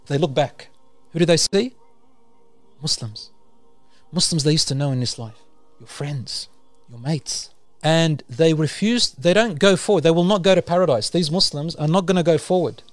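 A male preacher giving a sermon, telling vivid stories with animated rhetorical questions. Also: mid-range voice, dry recording. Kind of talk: sermon storytelling.

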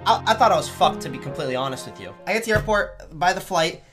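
Young male streamer, animated and profane, over loud background music. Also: a little high, fast. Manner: profane, animated, heavy swearing. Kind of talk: casual stream storytelling.

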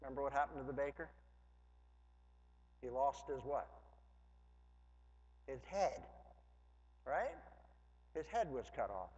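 Captured on a dull, lo-fi church hall recording with long reverb, this man preaches in a sanctuary, moving from casual talk and jokes into forceful preaching. His medium-pitched, darkish voice has lively intonation, a slow pace, and long pauses.

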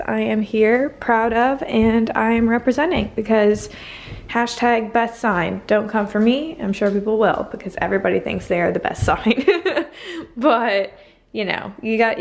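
A woman's voice: fairly high pitch, a little hiss or hum. A young woman from Canada chatting casually through a day-in-the-life vlog at home, bubbly and laughing often. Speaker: vlogger. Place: home, indoors.

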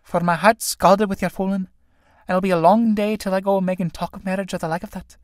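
A man voicing a proud young tinker woman in a play reading, speaking sharp and bitter. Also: high voice, steady tone, fairly quick, dry recording, studio quality, voice pushed up, lightly acted. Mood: vexed.

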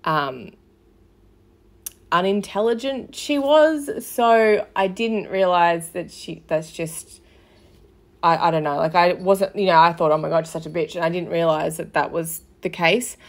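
A woman's voice: lowish voice, measured pace. A woman hosting a casual commentary podcast, talking in a loose, gossipy way with lots of fillers and swearing. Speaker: podcast host.

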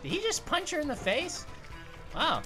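A woman voicing a bubbly young female grape who hosts animated let's-play commentary, giggling, making puns and yelping at danger, over faint music. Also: sits high, normal speed. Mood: excitable. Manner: giggly, punny, yelps at danger. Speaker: host of gaming videos.

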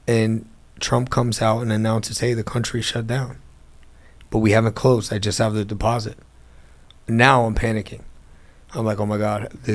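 A man, a guest in a casual interview, telling a long story and acting out the phone calls in it. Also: fairly low pitch. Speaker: interview guest, car dealer.

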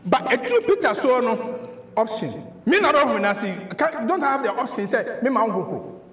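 A high-voiced Ghanaian man preaching a sermon with lively, emphatic delivery. His voice rings around an echoey church hall, words tumbling and repeating as he drives a point home. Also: normal speed. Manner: switches between English and Twi, animated preaching with repeated words. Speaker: pastor.

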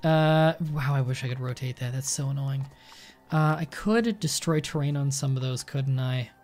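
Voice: medium pitch, moderate pace, a little mellow, faint music behind. A streamer chatting casually while playing a game, thanking viewers and swearing freely. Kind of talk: casual live-stream chat.

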